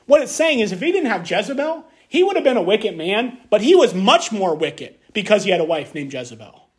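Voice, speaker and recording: High-voiced man preaching emphatically. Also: very animated, fairly quick. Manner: emphatic, repeats key phrases, rhetorical questions. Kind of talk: sermon with scripture reading.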